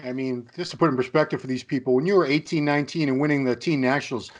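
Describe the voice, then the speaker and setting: A man's voice: mid-range voice, fairly even intonation, fast talker. A man hosting an interview, chatty, asking long looping questions. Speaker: interview host, magazine editor. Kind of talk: casual interview talk.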